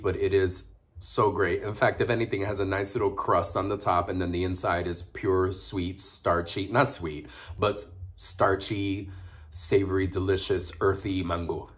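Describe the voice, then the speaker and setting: A man's voice: fairly low pitch, steady tone, normal speed, fairly bright tone. A man talking casually while eating on his food vlog, savoring each bite with frequent pleased murmurs. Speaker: mukbang vlogger.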